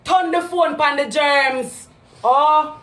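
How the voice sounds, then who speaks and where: A high-pitched Jamaican woman on a live stream, hammering the same accusations over and over and breaking into loud shouts. Her voice rings around an echoey room. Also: fairly even intonation, slow pace. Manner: accusing, repetitive, loud outbursts. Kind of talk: heated live-stream rant.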